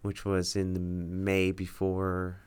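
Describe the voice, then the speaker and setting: A young man being interviewed as a guest on a podcast, speaking in a measured, hesitant way with many fillers. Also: low voice, monotone, darkish tone, clean tone. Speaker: podcast guest, incoming resident physician. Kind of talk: casual interview talk.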